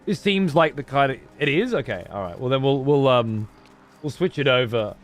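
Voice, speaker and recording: A man's voice: medium pitch, animated, moderate pace, soft background music. A man giving casual gameplay commentary as a streamer, profane and sarcastic.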